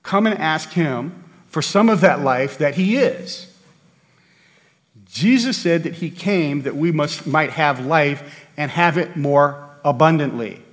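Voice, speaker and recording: A man's voice: fairly high pitch, animated, slow pace. A man preaching a sermon, earnest and emphatic, often restarting his sentences. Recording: long hall reverb.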